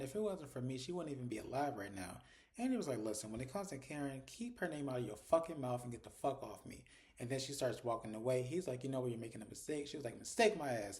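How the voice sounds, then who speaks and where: A man casually recapping a TV episode, retelling the scenes and briefly mimicking the characters' lines in a higher voice. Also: a little mellow. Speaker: TV show reviewer.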